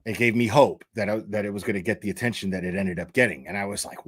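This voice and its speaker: A man's voice: fairly low pitch, fairly bright tone, husky, no room sound, clean studio sound. A man, choked up and tearful as he talks on a true crime livestream, stumbling over his words and swearing freely. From Tennessee. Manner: halting, repeats words, swears often. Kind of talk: emotional livestream talk.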